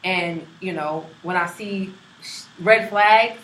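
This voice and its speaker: Bright-voiced woman in her thirties. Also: lowish voice, slow pace. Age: 30s. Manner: reflective, frank, swears casually. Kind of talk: casual chat. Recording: echoey room.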